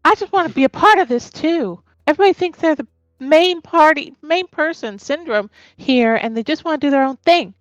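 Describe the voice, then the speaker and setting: A woman playing a shrill, fed-up adventurer. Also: animated, fairly quick, no echo, dull audio. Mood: whiny. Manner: complaining, shrill and loud.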